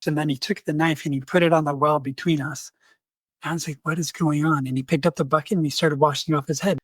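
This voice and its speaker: A man's voice: a little high, quick pace, slightly rough, no room sound. A man and podcast host telling a personal story in conversation, acting out the voices of people he quotes. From United States. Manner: animated, acts out quoted voices.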